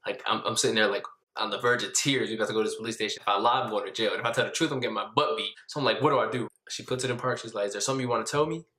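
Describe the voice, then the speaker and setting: A young man telling a dramatic story, his voice jumping high when he gets excited. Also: very fast, reverberant. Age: young adult. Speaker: vlogger. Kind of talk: animated story time.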